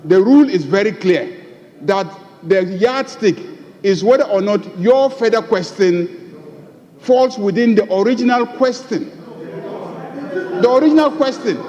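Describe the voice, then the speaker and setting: High-voiced lecturing man. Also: expressive, measured pace, long pauses, darkish tone. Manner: lecturing, repeats key phrases for emphasis. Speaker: majority leader. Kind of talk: parliamentary debate. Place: large parliament chamber. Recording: dull chamber mic with long hall reverb.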